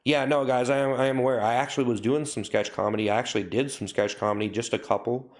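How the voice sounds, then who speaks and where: A man's voice: mid-range voice, steady tone, quick pace. A young man chatting casually on a livestream, rambling and correcting himself, with lots of fillers. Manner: rambling, self-correcting, says "like" and "you know" a lot. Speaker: livestream host. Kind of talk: casual livestream chat with viewers.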